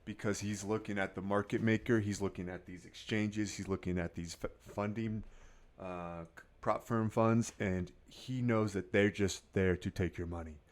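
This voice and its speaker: Man, very low voice, casual trading talk, quiet mumbling to loud swearing pep talk. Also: steady tone, normal speed. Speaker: day trader. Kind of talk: casual market commentary to camera.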